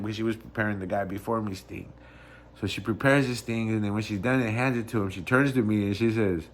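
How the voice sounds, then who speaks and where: A man from Michoacán, Mexico, vlogging and telling a story in a casual, animated and conversational way, often correcting himself as he goes. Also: fairly low pitch, moderate pace.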